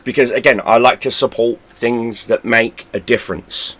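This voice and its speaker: A man's voice: mid-range voice, steady tone, moderate pace, a bit bright. A man hosting a gaming channel, talking in a blunt, casual way full of swearing, often stumbling and repeating words. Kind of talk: casual unscripted vlog talk.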